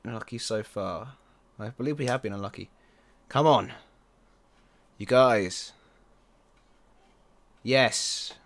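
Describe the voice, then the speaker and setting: Medium-pitched and easily worked up, a man narrates his own football management game as let's-play commentary, often groaning or yelling at the match.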